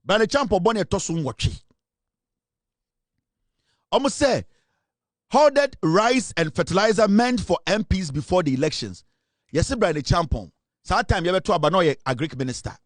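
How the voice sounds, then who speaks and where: A man's voice: high voice, expressive, normal speed, long pauses, no echo, clean studio sound. A man with a Ghanaian accent giving emphatic, dramatic political commentary, switching between Twi and English.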